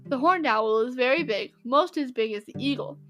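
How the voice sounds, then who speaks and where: A woman voicing a careful young boy reading a school composition in a slow, deliberate way. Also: high voice, fairly bright tone, soft background music. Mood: earnest.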